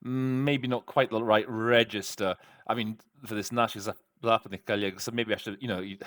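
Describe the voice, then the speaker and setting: Middle aged guy interpreting then explaining himself, lots of pauses and restarts, dry close sound. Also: on the low side, fairly even intonation, a bit bright, no room sound. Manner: thinks aloud, hesitant, many restarts. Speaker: conference interpreter and host. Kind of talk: interpreting practice with commentary.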